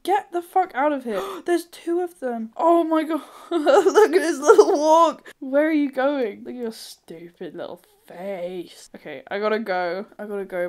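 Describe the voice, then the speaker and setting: A gamer with a mid-range voice does casual let's-play commentary. She thinks aloud, swears freely, and now and then breaks into sudden excited squeals.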